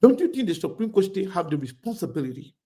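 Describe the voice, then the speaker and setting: A man's voice: high voice, very animated, quick pace, mellow. A man hosting a heated political debate, pushing his guest with repeated questions and cutting in. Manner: presses with repeated questions, cuts in.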